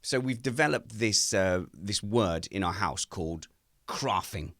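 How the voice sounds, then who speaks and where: A man chatting casually on a home video call, telling animated family stories and jumping into silly high voices when he quotes people. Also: a little slow, dry recording, clean studio sound. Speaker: podcast co-host. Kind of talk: casual chat. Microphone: home mic on a video call.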